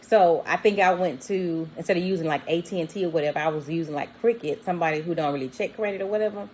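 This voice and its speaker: A woman's voice: fairly low pitch, fast talker, a little hiss or hum, rough recording. A woman casually telling a long personal story, acting out the people in it. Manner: animated, acts out quoted voices with bleeped words. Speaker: vlogger.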